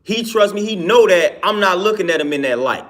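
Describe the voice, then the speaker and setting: A man with a somewhat high voice speaks in a casual, heartfelt monologue. He talks as a trainer would to his followers. He often circles back with "man" and "you know what I'm saying.". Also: expressive, brisk, a bit bright.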